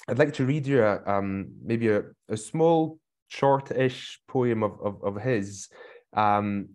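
A man's voice: lowish voice, a little mellow. A man introducing a poem over a video call, hesitant, with frequent restarts. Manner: hesitant, many fillers and restarts. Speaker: poet and researcher. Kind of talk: casual spoken introduction.

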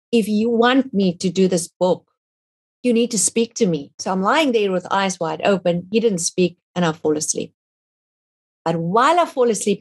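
Husky-voiced woman telling an earnest testimony. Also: on the low side. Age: middle-aged. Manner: emotional, earnest storytelling, non-native phrasing. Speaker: guest author. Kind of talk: testimony in an interview.

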